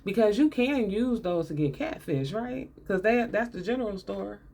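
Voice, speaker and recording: A woman's voice: medium pitch, lively intonation, normal speed, darkish tone. A woman giving a casual, sarcastic movie breakdown, laughing often and talking in loose, colloquial speech. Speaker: movie commentator.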